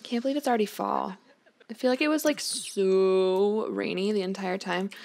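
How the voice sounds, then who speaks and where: A young let's play host chats through a life-sim game as gameplay commentary, talking fondly to the characters on screen. Her creaky voice is medium-pitched with a darkish tone and a moderate pace. A faint hiss or hum is audible.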